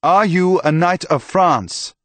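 A man voicing a stern, suspicious village priest who speaks slowly in halting phrases. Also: high-pitched, lively intonation, fairly bright tone, no echo, voice pushed up, heavily acted. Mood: stern, questioning.

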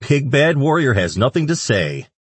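A man's voice: medium pitch, very animated, normal speed, husky, dry recording, voice pushed up. A man voicing a cocky young vampire man who teases and jokes in an audiobook. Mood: mocking. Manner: mocking, teasing.

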